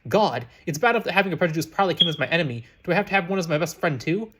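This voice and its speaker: A man voicing an earnest, hot-tempered eleven-year-old boy who argues insistently, reading fast. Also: fairly high pitch, animated, a bit bright, slightly rough. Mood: outraged. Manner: outraged, insistent.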